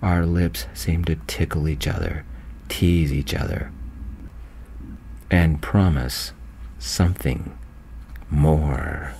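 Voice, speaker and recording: Deep, gravelly soft-spoken man reading. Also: steady tone, a little hiss or hum. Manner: gentle, slow, soft-spoken. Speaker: narrator reading his own romance story.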